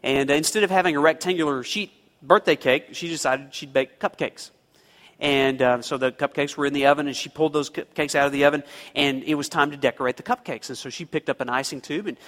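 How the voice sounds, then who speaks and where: A man's voice: on the high side, fairly bright tone, in a large hall. A man preaching a sermon, telling a homespun story and rising into emphatic pleas. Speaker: pastor.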